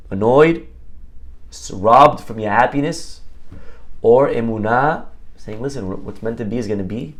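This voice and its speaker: A rabbi with a medium-pitched voice delivers a Torah lesson in a chatty, narrative style, often checking in with listeners through brief "right?" asides.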